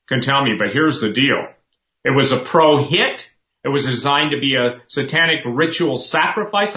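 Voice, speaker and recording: A man's voice: mid-range voice, bright, forceful tone. A man hosting a talk show, delivering impassioned preaching commentary in a fervent, emphatic way that often repeats itself. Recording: roomy, dull lo-fi sound.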